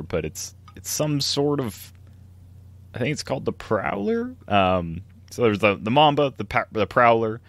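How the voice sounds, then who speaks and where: A man with a deep, low voice rambles through a casual podcast story, laughing often as he goes. The sound is dry and close, with no room around it. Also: dry recording. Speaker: podcast co-host. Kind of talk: casual chat.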